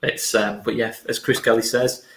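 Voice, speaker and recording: A man's voice: mid-range voice, flat delivery, normal speed, a bit bright, reverberant, slight background noise. A man co-hosting a casual football chat, joking and laid-back, tired late at night. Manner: chatty, joking, laid-back with filler ums. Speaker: fan channel co-host.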